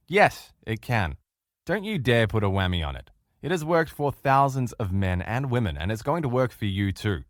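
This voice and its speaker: Lively man teaching a relationship course. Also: medium pitch, no echo, clean studio sound. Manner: animated, storytelling with rhetorical questions. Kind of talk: motivational lecture.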